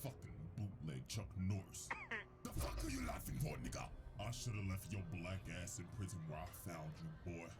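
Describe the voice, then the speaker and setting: A man putting on a vengeful male villain warlord in a low, contemptuous snarl, over music. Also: wildly swooping pitch, brisk, heavy background noise, exaggerated voice. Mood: furious.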